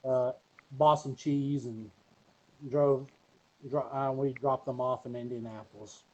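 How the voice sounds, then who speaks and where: A man's voice: mid-range voice, fairly even intonation, measured pace, darkish tone, dull audio, a little hiss or hum. A man being interviewed, telling a long story casually with many fillers and restarts. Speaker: wrestler guest.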